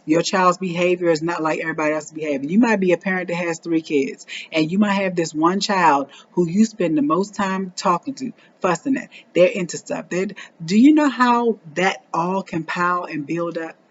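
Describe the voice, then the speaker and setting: A woman's voice: lowish voice, normal speed, few pauses, a little hiss or hum. An earnest woman in her forties speaks straight to fellow parents in a heartfelt motivational vlog. She leans on repeated phrases to drive her point home. The recording sounds dull and lo-fi. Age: 40s. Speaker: parenting vlogger. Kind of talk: heartfelt motivational talk to camera.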